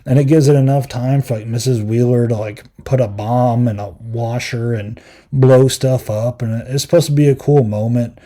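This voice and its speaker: A man's voice: medium pitch, fairly even intonation, moderate pace, mellow. A young man hosting a podcast, chatting casually and rambling with lots of fillers while acting out quotes. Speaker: podcast host. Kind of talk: casual review chat.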